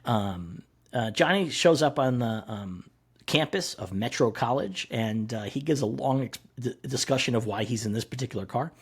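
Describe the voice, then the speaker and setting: A man's voice: mid-range voice, animated, moderate pace, breathy edge. A man co-hosting a podcast, chatting casually about comics, swearing freely and acting out quotes. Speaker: podcast co-host. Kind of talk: casual comic-book discussion.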